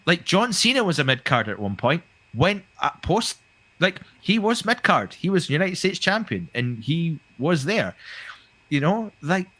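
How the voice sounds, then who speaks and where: A man's voice: medium pitch, bright, forceful tone, dry recording. A man co-hosting a wrestling podcast, talking with a heated, profane, ranting delivery. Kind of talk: casual podcast chat.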